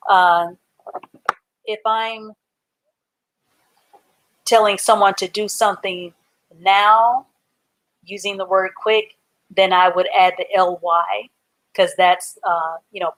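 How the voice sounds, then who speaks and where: A woman's voice: mid-range voice, steady tone, slow, long pauses, fairly bright tone. A woman teaching a live online reading class for adults, patiently spelling words out letter by letter and giving example sentences. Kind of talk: live online literacy lesson.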